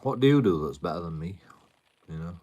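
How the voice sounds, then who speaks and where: A man's voice: low-pitched, animated, fairly quick, mellow. A British man live streaming, arguing with his chat in a combative tone, swearing a lot and repeating himself. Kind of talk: ranting at chat on a livestream.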